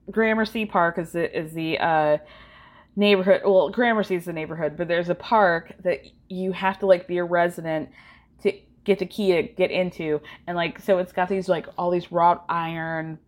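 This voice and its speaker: A woman hosting a podcast, giving a chatty, gossipy recap of a TV show with lots of asides to her listeners. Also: medium pitch. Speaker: podcast host. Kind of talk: casual pop culture TV recap.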